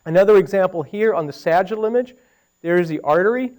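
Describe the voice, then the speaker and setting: A middle-aged man, fairly high-voiced, lectures on medical imaging. He talks easily and conversationally, stepping through scans and pausing to ask the room questions. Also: darkish tone, poor audio. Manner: conversational, with anecdotes and audience questions. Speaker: radiology lecturer.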